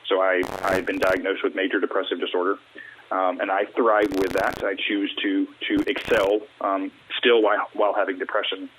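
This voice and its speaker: A man from the US Deep South, a mental wellness coach, talking earnestly and acting out quoted small talk. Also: little pitch movement, normal speed, a bit bright. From Alabama, US Deep South. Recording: tinny phone line, husky.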